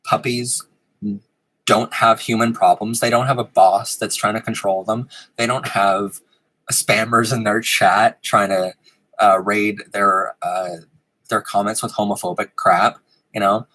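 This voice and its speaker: Husky giggly man on a live stream. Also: on the low side, steady tone, unhurried, sharp tone, low-quality recording. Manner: giggly, rambling, frequent ums. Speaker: host of a live-streamed show. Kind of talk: casual live-stream chat. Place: indoor room with a fan running.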